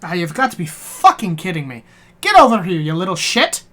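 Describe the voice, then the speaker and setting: A woman's voice: on the low side, very animated, a little fast, exaggerated voice. Tabletop stream NPC: a cussing dog trainer woman hollering at her dogs, put on by a woman player. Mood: angry yelling. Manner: shouting, swearing.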